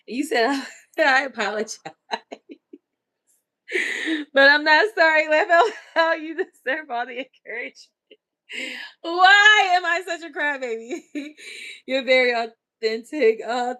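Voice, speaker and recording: A woman's voice: mid-range voice, a bit bright. A middle-aged woman hosting a live online meeting, chatting casually and emotionally as she answers viewers' comments. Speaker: livestream host. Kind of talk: casual livestream chat.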